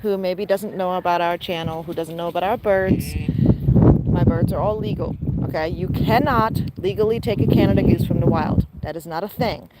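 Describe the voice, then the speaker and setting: A woman who keeps pet geese, chatting casually outdoors by a pen near water and laughing often. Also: moderate pace. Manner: chatty, laughs often, coos at the birds in a high voice. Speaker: pet goose keeper and channel host. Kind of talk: casual vlog narration. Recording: loud outdoor background noise. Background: loud outdoor noise and geese.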